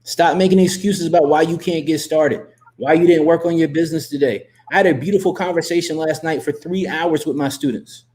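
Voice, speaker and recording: A man with a fairly high voice, coaching his audience in an emphatic, repetitive pep talk. He keeps circling back to the same points and pushes the listener to stop making excuses. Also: fairly quick, few pauses. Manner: emphatic, repetitive, gives shout-outs. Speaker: host and coach. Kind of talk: motivational livestream talk.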